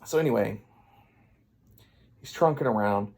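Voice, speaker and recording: A man rambling through an absurd comic retelling of a fairy tale, with deadpan asides. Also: fairly low pitch, measured pace, vocal fry. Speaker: comedian storyteller.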